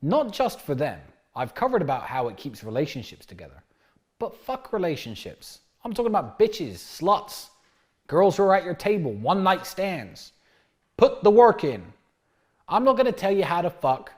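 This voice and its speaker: Brash male monologuist, fairly high voice with a lot of swing, crude and blunt. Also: big pitch swings, normal speed. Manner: acts out little dialogues in different voices. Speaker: dating and lifestyle talker. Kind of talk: motivational monologue.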